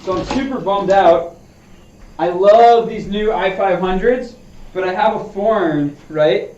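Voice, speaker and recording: A slow, high-pitched and slightly mellow male voice belongs to a golfer streaming his practice, chatting with viewers and coaching himself through swings. There's slight background noise, and the sound is roomy, distant, dull and lo-fi.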